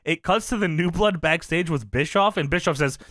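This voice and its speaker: A man casually recapping an old wrestling show, swearing freely, laughing often and loudly acting out the quotes. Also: fairly high pitch, fairly quick, dry recording, clean studio sound. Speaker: podcast co-host recapping wrestling.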